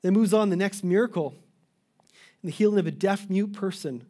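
Earnest male pastor, mellow voice. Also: high voice, fairly quick. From Canada. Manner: earnest, restarts mid-phrase, pleading emphasis. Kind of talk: sermon.

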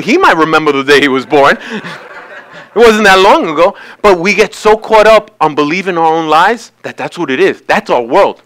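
A man's voice: high voice, sharp tone, rough recording. A man preaching a sermon as pastor in a church, talking conversationally and acting out quoted voices.

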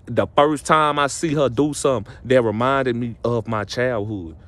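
A man's voice: medium pitch, moderate pace, a bit bright. Preachy young man talking to camera. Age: young adult. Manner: preachy, repetitive, restarts phrases, rises to emphatic peaks. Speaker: vlogger giving relationship advice. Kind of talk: casual motivational talk to camera.

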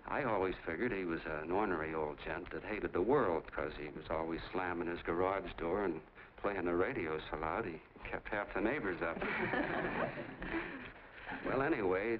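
Actor plays a folksy, rambling soda jerk, lowish voice, tinny old-movie sound. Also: male voice, close to an everyday voice. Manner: chatty, rambling storyteller. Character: folksy small-town male soda jerk, friendly. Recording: tinny 1940s film soundtrack, faint hiss.

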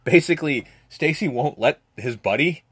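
A man hosting a podcast, casually recapping a movie with lots of swearing and quick acted-out lines. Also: medium pitch, expressive, a bit bright, slightly rough, no echo, studio quality. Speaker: podcast host.

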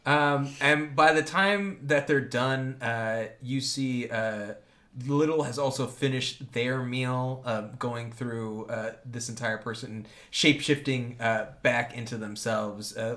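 A man's voice: mid-range voice, fairly even intonation, slow pace, fairly bright tone. A man narrating a tabletop game as game master, describing scenes with many fillers.

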